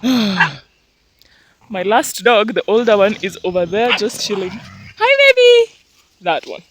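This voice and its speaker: A young woman takes it slowly in a mid-range voice, with background noise, as she leads a casual walking tour of her vegetable garden outdoors. Giving this farm-tour vlog, she exclaims animatedly over her crops and calls to her dogs, scolding and cooing at them.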